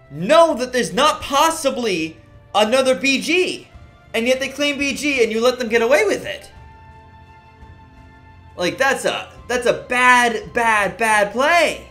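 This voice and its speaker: Exasperated high-voiced male streamer. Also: sharp tone. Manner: exasperated ranting at players. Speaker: game streamer. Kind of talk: livestream commentary.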